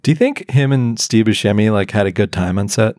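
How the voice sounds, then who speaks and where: A low-voiced man co-hosts a podcast and chats casually. His pitch swings widely and he laughs a lot. The room is very dry. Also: a little fast, no echo. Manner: animated, laughs often. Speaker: podcast co-host. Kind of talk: casual chat.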